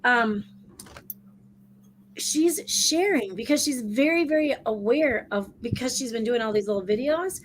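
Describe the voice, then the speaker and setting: A woman co-hosting a casual online debrief, talking in a rambling, excitable way with many restarts. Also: a little high, unhurried, a little hiss or hum, poor audio. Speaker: co-host. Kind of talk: casual chat.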